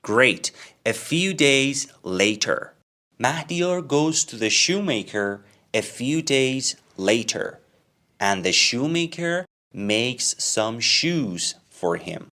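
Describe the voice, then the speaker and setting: A man's voice: medium pitch, expressive, takes it slowly, pushed and bright. A man telling a simple story as an English lesson, asking questions about it and answering them himself. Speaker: English teacher.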